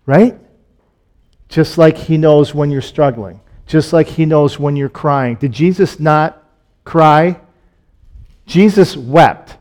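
A man preaching a sermon, reading scripture aloud and explaining it in a conversational way. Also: fairly high pitch. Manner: reads scripture aloud, then explains it in plain, conversational asides; drops to a soft, slow hush on solemn points, rises when excited.

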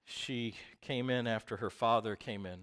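A man preaching a sermon who reads scripture and questions his listeners, dropping to a whisper and then rising to loud outbursts. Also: medium pitch, steady tone, normal speed, clean tone. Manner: swings from hushed whispers to loud impassioned outbursts.

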